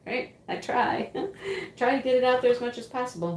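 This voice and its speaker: A woman's voice: fairly high pitch, animated, a little fast, darkish tone. A woman hosting a casual livestream, chatting and answering viewers' comments as she reads them. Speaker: livestream host. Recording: roomy home recording with faint ambient noise.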